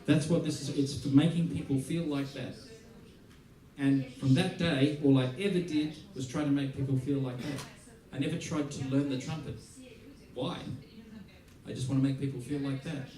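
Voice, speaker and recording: With a mid-range voice at ordinary speed, an Australian musician teaching a masterclass shares animated anecdotes with an audience, voicing what others said and laughing frequently. He's captured from afar in an echoey, large theater hall.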